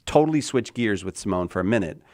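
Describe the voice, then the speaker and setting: A man's voice: on the low side, animated, fast talker, darkish tone, no echo, studio quality. A man hosting a call-in radio show, chatty, laughing often and trailing off mid-sentence. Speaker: radio host. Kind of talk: casual radio talk.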